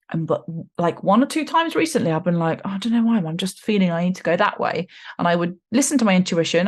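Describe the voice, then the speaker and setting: A woman in her forties hosting a podcast, talking in a chatty, animated way with slangy asides. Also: on the low side. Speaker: podcast host. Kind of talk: casual spiritual podcast monologue.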